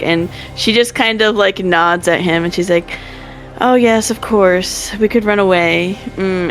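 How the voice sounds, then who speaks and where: A woman player in a tabletop game with a somewhat low voice. She describes her character at a slow, easy pace, with many fillers. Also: a bit bright. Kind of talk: tabletop role-play.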